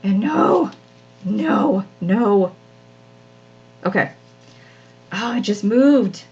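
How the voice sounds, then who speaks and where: A woman's voice: medium pitch, animated, drawn-out words, a little mellow, faint music behind. A woman hosts a live craft stream, rambling casually and poking fun at herself as she works. Her voice sits in an ordinary middle range. The sound is a little dull and lo-fi, like a home live-stream. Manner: chatty, self-deprecating, frequent laughs. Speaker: craft channel host.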